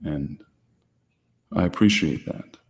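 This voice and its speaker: Very deep low-key man, long reverb. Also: vocal fry. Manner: calm, deliberately quiet and restrained. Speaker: channel host answering viewer questions. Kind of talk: low-key livestream chat.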